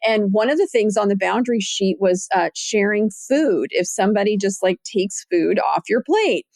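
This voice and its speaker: Lively woman podcast host telling a story. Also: moderate pace, no echo, clean studio sound. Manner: animated storyteller, acts out quotes in a higher voice. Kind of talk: casual podcast chat.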